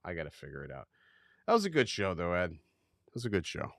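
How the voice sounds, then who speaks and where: A young man hosting a livestream in casual chat, rambling and self-mocking, quick to get fired up. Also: deep voice, huge pitch swings, creaky, a bit bright, dry recording, clean studio sound. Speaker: livestream host.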